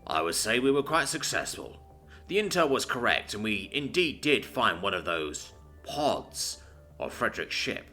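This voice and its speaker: Guy doing a serious alien captain, stiff formal talk, steady. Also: lowish voice, faint music behind, full character voice. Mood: calm. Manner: formal, measured, composed.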